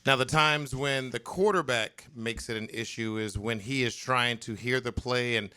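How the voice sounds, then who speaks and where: A man's voice: mid-range voice, moderate pace, pushed and bright, clear, resonant tone. A man who once played quarterback, explaining football plays on a sports radio show. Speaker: former pro quarterback guest.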